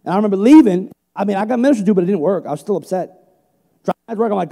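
A middle-aged male pastor preaching a sermon with passion, moving between loud emphatic peaks and quiet storytelling. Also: high voice, lively intonation, fast talker. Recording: long hall reverb.

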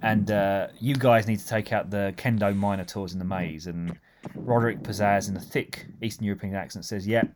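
A man's voice: lowish voice, fairly even intonation, moderate pace, noisy background. A man riffing in a casual comedic chat, rambling with lots of fillers and amused laughs.

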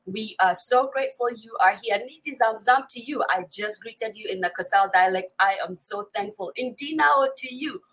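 Woman host, live-stream chat, bubbly and quick to laugh, a touch husky. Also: mid-range voice, rough recording. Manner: energetic, greets viewers in many languages, laughs often. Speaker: host of a live online talk show.

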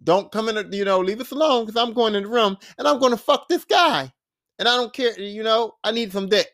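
A man's voice: sits high, fairly quick, fairly bright tone, voice pushed up. A man voicing a brash, impatient teenage girl who is profane, blunt and mocking, in a podcast retelling. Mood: dismissive.

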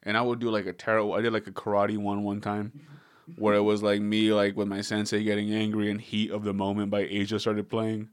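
A man's voice: fairly low pitch, completely flat delivery, brisk, clean tone, no room sound. A young man hosting a podcast, rambling casually with jokes and swearing. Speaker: podcast host. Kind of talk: casual comedic podcast chat.

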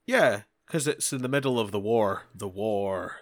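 A man's voice: on the low side, animated, unhurried, no room sound. A man co-hosting a casual anime recap podcast, laughing often and chiming in with short agreements. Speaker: podcast co-host.

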